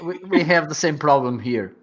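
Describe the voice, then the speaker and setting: A man's voice: fairly high pitch, expressive, normal speed, a bit bright. A man from northern Portugal speaking English with a Portuguese accent, chatting and explaining with many fillers. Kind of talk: casual chat. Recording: dull lo-fi sound.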